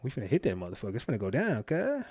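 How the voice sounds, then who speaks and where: A man hosting a livestream, giving hyped, thankful shout-outs to his chat and swearing freely. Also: mid-range voice, huge pitch swings, rapid-fire, breathy edge, no echo, studio quality. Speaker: livestream host. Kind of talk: casual livestream talk to chat.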